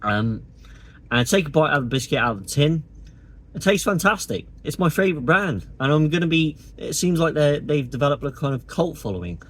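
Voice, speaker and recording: A man's voice: on the high side, very animated, brisk. A man delivering a sarcastic, indignant opinion monologue to camera as a political vlogger.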